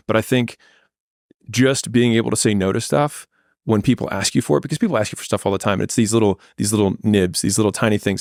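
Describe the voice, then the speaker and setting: A man's voice: on the low side, fast, creaky, no room sound, clean studio sound. A man in a candid podcast conversation, talking in a blunt, plainspoken and reflective way.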